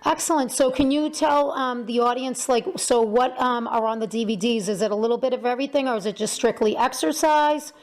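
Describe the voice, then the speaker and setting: Casting: talkative female talk show host, fairly high voice, lots of ums. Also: fairly even intonation, fairly quick, few pauses, soft background music. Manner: chatty, many fillers and restarts. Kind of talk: casual interview chat.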